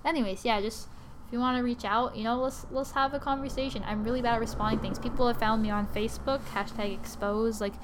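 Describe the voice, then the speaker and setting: A woman's voice: a little high, fairly even intonation, background noise. A tired young woman hosting a casual solo podcast, rambling with many fillers and restarts, apologizing and laughing at herself. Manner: rambling, lots of likes and restarts, quick to apologize. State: sleepy and tired. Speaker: podcast host.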